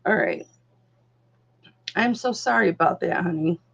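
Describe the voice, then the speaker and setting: This jewelry auction host speaks a little slowly in a lowish, creaky, slightly rough voice. Her live-stream selling talk is casual, full of darling, honey and doll for the viewers, over dull lo-fi audio.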